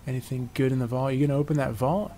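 A man's voice: mid-range voice, steady tone, quick pace, noisy background. A man giving casual, chatty commentary on his own moves as he plays a video game. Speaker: gameplay commentator.

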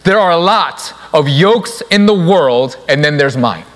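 A man's voice: on the high side, animated, a little slow, long reverb tail. A young adult man preaching a sermon in a church, stressing key words by repeating them. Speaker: pastor. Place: church sanctuary.

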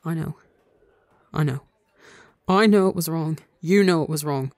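A gentle young man who speaks soft and low, reassuring his partner with steady tenderness, as a reader puts him on. It sounds like an audio story, in a mid-pitched voice recorded close and dry. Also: a little slow, dry recording, close to an everyday voice. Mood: tender.

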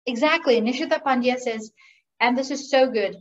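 A woman running an interactive workshop on professional communication, lively and asking the audience questions. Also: sits high, normal speed, far from the mic, lo-fi sound. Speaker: communication skills trainer. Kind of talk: interactive online workshop talk.

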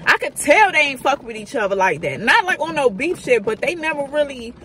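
A woman's voice: high voice, sing-song, fairly quick, sharp tone, slight background noise. A woman in her thirties telling a candid, profane storytime in casual slang. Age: 30s. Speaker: vlogger. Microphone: phone camera.

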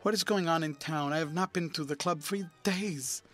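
A man reading the part of an earnest, troubled young gentleman with a pleading delivery. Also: fairly high pitch, normal speed, soft background music, natural voice.

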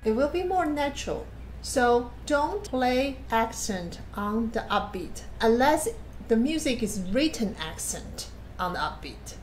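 Piano plays in the background as a woman, acting as a piano teacher, offers patient masterclass feedback on a recorded performance. Her voice is fairly high and very animated, her pace unhurried, and she explains plainly while counting or humming passages aloud.

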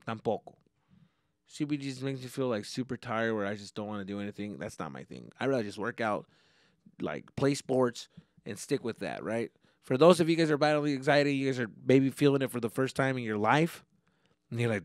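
A young adult man, a comedian, hosting a solo podcast in a casual, profane and animated way. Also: medium pitch, fairly quick, no echo, studio quality. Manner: profane, animated, pep-talk delivery.

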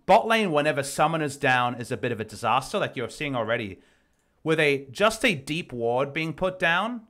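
A man's voice: on the high side, big pitch swings, moderate pace, fairly bright tone. A man breaking down a recorded match as an esports analyst, explaining plays in detail. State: losing his voice. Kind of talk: game review commentary.

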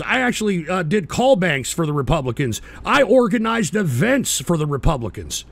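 A man's voice: sits high, creaky, fairly bright tone. A middle-aged American man hosting a radio talk show, ranting profanely and abrasively at his chat. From United States.

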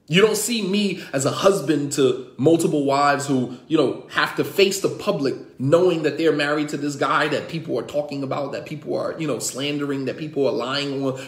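An imam with a slightly high voice gives an impassioned religious class in a roomy-sounding space. His teaching is emphatic and repetitive, packed with rhetorical questions.

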